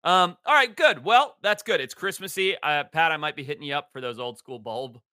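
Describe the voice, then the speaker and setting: Sharp, bright-voiced sarcastic male co-host. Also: a little high, expressive, fairly quick, dry recording. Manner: dry sarcastic humor. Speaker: podcast co-host. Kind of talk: casual chat.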